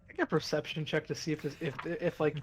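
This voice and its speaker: A man's voice: on the high side, little pitch movement, quick pace, husky. A man playing a tabletop role-playing game, talking casually and hesitantly with many stammered restarts. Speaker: player.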